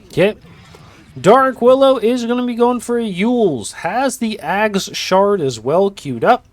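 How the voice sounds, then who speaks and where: A man's voice: high-pitched, lively intonation, measured pace, no room sound. A man casting a video game match in a casual, rambling way with joking asides. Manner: rambling, joking asides, lots of "you know". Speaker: esports caster.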